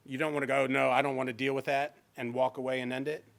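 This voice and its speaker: A man's voice: medium pitch, flat delivery, fast talker, gravelly, a bit bright. A man with a Midwestern American accent giving a live fair housing training in a library meeting room, talking conversationally and acting out quoted examples.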